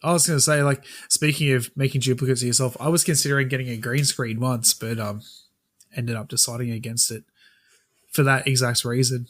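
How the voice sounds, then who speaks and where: A man's voice: medium pitch, steady tone, fairly quick. Playful man joking on a podcast. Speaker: podcast co-host. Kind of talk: casual chat.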